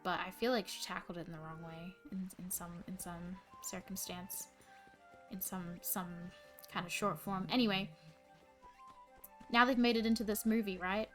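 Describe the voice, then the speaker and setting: A woman's voice: mid-range voice, steady tone, normal speed. Rambling young woman streamer chatting. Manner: rambling, filler-heavy with many restarts. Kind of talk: casual chat. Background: faint music.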